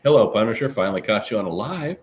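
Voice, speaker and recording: This livestream podcast host, a man, rambles through viewer comments in a casual, fast-talking chat, with lively ups and downs in pitch. A little hiss or hum can be heard in the recording.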